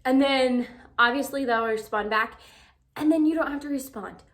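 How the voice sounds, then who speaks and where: A woman's voice: high-pitched, moderate pace, fairly bright tone. A young woman vlogger giving breakup advice in a chatty, filler-heavy way, acting out quoted texts. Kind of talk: casual talk to camera.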